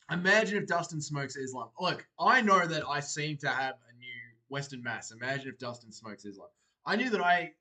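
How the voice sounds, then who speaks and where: A young man hosting a livestream, reading viewers' comments aloud and answering them in a relaxed, chatty way. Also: mid-range voice. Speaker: livestream host. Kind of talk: casual chat reacting to live chat.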